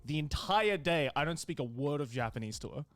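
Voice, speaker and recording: A man's voice: fairly high pitch, lively intonation, brisk, a bit bright, dry recording. A man chatting casually with friends, telling playful stories with laughter. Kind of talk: casual podcast chat.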